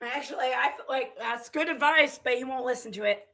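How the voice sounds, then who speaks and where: A woman's voice: high voice, brisk, a bit bright. A woman vlogger reading viewer comments aloud and reacting with heated, profane, confrontational ranting.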